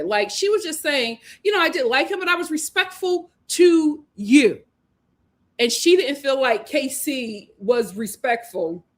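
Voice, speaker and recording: A woman hosting a casual reality TV recap, animated and laughing as she acts out what the cast said. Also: high-pitched. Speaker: host.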